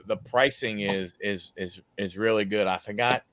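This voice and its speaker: Man, smooth resonant voice, helpful, halting with uh's. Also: on the low side, a bit bright, no echo. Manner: helpful, gives advice with hesitant fillers. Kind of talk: casual chat.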